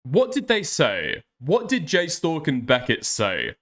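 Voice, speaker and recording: A man's voice: on the high side, wildly swooping pitch, a little slow, a bit bright. A man streaming, ranting in heated casual chat, exasperated and swearing often. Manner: exasperated, swears a lot, rants. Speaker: streamer reacting to news.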